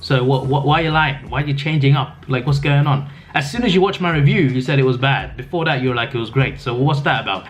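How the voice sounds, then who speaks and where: A man's voice: mid-range voice, fast talker, hardly any pauses, faint music behind. A young man, reading out comments and mocking them with exasperated, sarcastic commentary. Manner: exasperated, mocking, lectures with rising emphasis.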